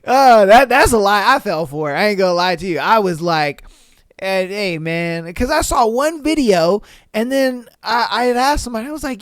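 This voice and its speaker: Smooth-voiced man, slangy podcast host. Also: sits high, lively intonation, moderate pace, fairly bright tone, no echo, clean studio sound. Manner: slangy, profane, exclamatory, laughs often. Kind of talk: casual solo podcast commentary.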